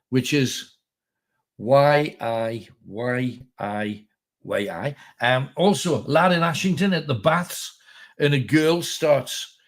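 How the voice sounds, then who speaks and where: A middle-aged man from North East England, hosting a casual, rambling livestream chat, reading viewer comments and telling jokes in a self-deprecating way. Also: a little high. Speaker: host.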